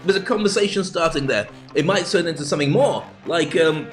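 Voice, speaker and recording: A man's voice: fairly high pitch, animated, a little fast, hardly any pauses, soft background music. A man hosting a rambling, jokey comic monologue full of digressions. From north of England. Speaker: host and speaking coach.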